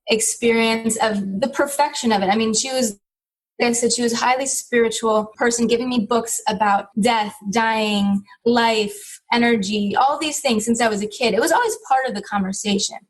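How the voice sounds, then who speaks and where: A woman's voice: a little high, steady tone, moderate pace, poor audio. A woman in her thirties, a guest on an interview podcast, telling a personal story in a reflective, heartfelt way, with many "you know" fillers.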